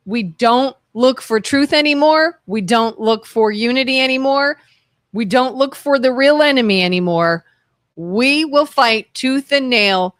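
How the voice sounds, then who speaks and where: A woman's voice: a little high, no echo, clean studio sound. An American woman co-hosting a call-in talk show, speaking earnestly and with passion, often restarting her sentences. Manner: earnest and impassioned, many restarts. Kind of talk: casual talk show chat.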